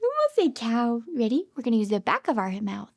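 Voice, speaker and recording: A woman's voice: on the high side, very animated, brisk, gravelly, darkish tone. A woman speech therapist reading a picture book aloud to toddlers, coaxing with questions, gasping with delight and dropping into whispers. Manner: coaxing, asks the child questions.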